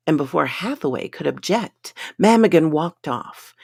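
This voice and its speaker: A woman narrating a pulp science fiction story in a dramatic, unhurried reading style. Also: low voice, animated, creaky, a little mellow, breathy edge, no room sound, clean studio sound.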